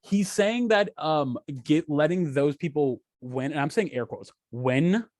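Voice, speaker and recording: A man's voice: on the high side, lively intonation, measured pace, a little mellow, no room sound, studio quality. Profane heated young man on a podcast. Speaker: podcast co-host. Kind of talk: casual chat.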